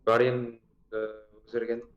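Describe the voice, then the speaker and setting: A man's voice: mid-range voice, monotone, brisk, narrow, tinny audio. A man playing in a tabletop game, chatting in a self-mocking way. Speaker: player.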